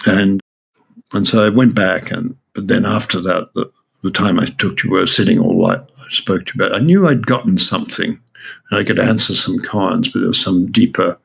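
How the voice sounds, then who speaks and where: An older man with an Australian accent telling stories in an interview, halting with many restarts and frequent laughs. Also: fairly low pitch, gravelly, breathy edge. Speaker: Zen teacher. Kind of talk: reflective interview storytelling.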